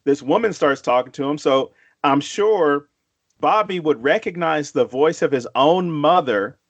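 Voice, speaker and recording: A man with a slightly raised pitch who rambles through a casual podcast chat about a horror film. He swears freely and acts out quoted lines as he goes. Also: lively intonation, unhurried, dull audio. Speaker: podcast co-host.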